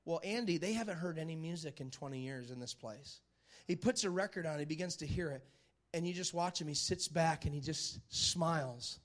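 A man's voice: on the high side, a little fast. A man preaching a sermon who retells a film story with dramatic energy, repeats phrases for emphasis and keeps asking the listeners whether they are following him. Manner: animated, dramatic storyteller who asks the crowd for agreement.

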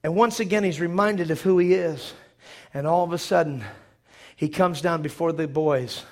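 A man preaching a sermon who retells a movie in an animated way, acting out the scenes with sudden loud bursts. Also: a little high, moderate pace.

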